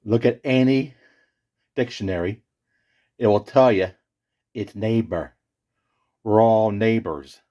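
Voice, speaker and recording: Man playing a slow-talking know-it-all, low-ish voice, lectures. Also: mellow. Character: fussy pedantic male character. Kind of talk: comedy skit.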